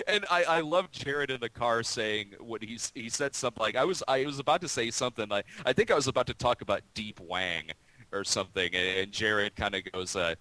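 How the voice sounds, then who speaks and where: A man's voice: medium pitch, lively intonation, moderate pace, bright, forceful tone, no echo, rough recording. A man hosting a casual stream chat, talking in a profane, rambling way with many restarts.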